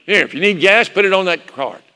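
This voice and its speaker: A man voicing his firm, gruff but loving older father, speaking emphatically. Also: high-pitched, lively intonation, brisk, sharp tone, pitched above the performer's own voice, full character voice. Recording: long hall reverb.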